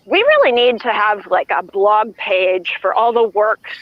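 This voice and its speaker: A co-host's mid-pitched voice comes through a slightly muffled, lo-fi line. The delivery is jokey and self-mocking, in the loose rhythm of casual chat. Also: sing-song, unhurried. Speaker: podcast co-host.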